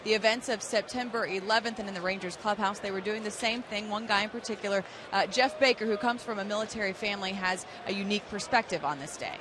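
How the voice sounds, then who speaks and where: Lady reporter at the ballpark, earnest, steady pitch, lots of background noise. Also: fast, hardly any pauses. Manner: earnest, reflective delivery. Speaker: field reporter. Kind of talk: broadcast sideline report.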